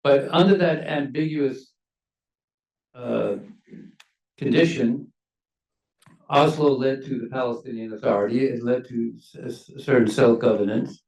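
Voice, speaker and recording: An older man, a former ambassador, speaking on a university panel in a measured, emphatic way that leans on key words. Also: mid-range voice, fairly even intonation, gravelly, darkish tone. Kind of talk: panel discussion remarks. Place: university lecture hall. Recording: echoey hall, mic at a distance.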